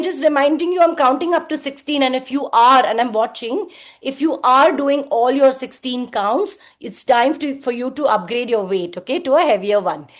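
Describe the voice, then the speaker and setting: A woman's voice: high-pitched, a bit bright. A woman leading a live group workout, counting reps and giving short cues and praise. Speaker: fitness instructor. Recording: echoey room.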